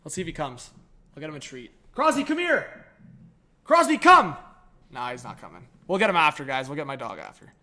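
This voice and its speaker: A man live-streaming reaction commentary who chats to viewers and his dog, and swings between mumbling and shouting. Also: medium pitch, very animated, fast talker.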